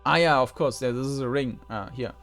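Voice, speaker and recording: A man's voice: mid-range voice, a little fast, fairly bright tone. A man giving casual let's-play commentary, musing and thinking aloud as he plays. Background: faint game music.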